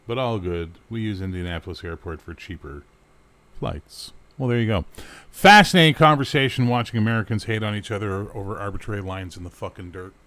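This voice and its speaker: Sarcastic, swearing man with a lowish voice. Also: fairly quick, a bit bright. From Canada. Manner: sarcastic, rambling, swears freely. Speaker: talk show host. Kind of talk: casual livestream chat reading viewer comments.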